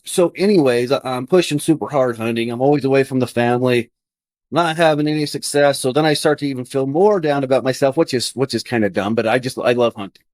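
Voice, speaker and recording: A man's voice: medium pitch, fast, a little mellow, no echo. A man in his thirties, a podcast guest, earnestly telling a personal story in conversation and acting out his own past thoughts.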